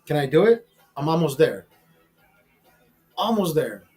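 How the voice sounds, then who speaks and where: Host, fifties, high voice, profane and rambling, faint music underneath. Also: male voice, sing-song, measured pace, darkish tone. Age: 50s. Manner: rambling, repeats words, swears freely. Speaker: show host. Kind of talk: casual profane storytelling. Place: streaming studio.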